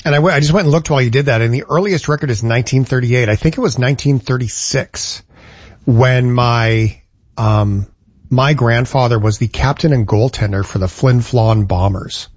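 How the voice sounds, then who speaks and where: Husky man, enthusiastic co-host, dry, dull recording. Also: mid-range voice, moderate pace, no room sound. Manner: enthusiastic, eggs on his partner. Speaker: podcast co-host. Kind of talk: casual chat.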